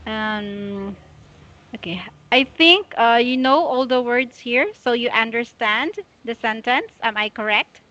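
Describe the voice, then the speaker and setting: A woman tutoring English one-on-one, patiently and slowly correcting a student's pronunciation. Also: a little high, pushed and bright. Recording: dull lo-fi audio.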